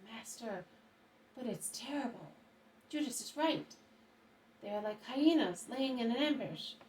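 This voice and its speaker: Lady voicing an angry fired-up apostle guy, loud and emphatic, roomy sound, mic far away. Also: a little high, animated, a little slow, pitched above the performer's own voice. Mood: indignant. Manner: indignant, emphatic. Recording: roomy, distant mic, faint hiss.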